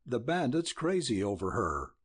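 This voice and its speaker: A blustering older rancher holds forth in a rolling voice, as a male narrator plays him. The tone is husky and the pitch moves a lot. It is an audiobook reading. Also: very animated, normal speed. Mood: heated.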